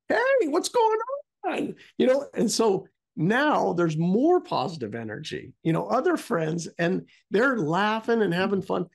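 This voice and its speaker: A man's voice: high-pitched, creaky. A middle-aged man co-hosting a talk podcast, telling a story casually and rambling, trailing off often. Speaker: podcast co-host.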